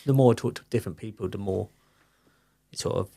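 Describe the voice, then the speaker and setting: A man's voice: lowish voice, quick pace, gravelly, mellow. A middle-aged man, talking openly as a podcast guest, rambling with lots of fillers. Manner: open, rambling storytelling with many fillers. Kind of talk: candid personal conversation.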